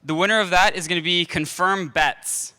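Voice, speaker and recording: A man emceeing an awards segment, brisk and businesslike. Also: high voice, fairly even intonation, bright, forceful tone, smooth, big-room sound. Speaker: event organizer and emcee.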